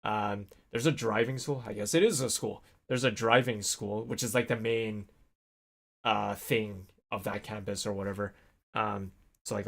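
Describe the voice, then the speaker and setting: With a fairly low, creaky voice, a young adult man vlogging by himself spins a long, casual story. He leans on lots of fillers and animated asides swearing to God.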